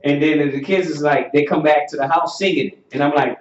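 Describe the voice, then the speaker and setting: A teacher speaks in a fairly high, steady-toned voice with a Southern US accent, giving sermon-like class teaching in an echoey room. His delivery is preachy and emphatic, nearly shouting at times with drawn-out repeated questions. The recording is muffled and roomy, taken far from the mic.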